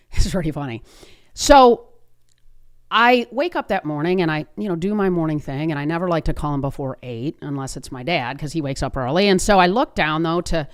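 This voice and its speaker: This podcast host is a woman in her fifties with a deep, animated voice and a moderate pace. She tells a personal story earnestly and conversationally, often restarting her sentences.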